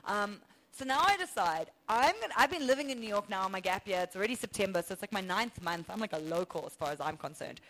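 Woman, 30s, South African accent, comedian, animated storytelling, laughs often. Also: medium pitch, fast talker, rough recording. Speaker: comedian guest. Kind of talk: storytelling chat.

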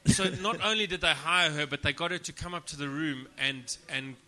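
A man's voice: fairly high pitch, fairly quick, bright, forceful tone. A man, a comedian guest, telling crude, self-deprecating stories on a casual podcast and often laughing as he talks. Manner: laughs through his own stories.

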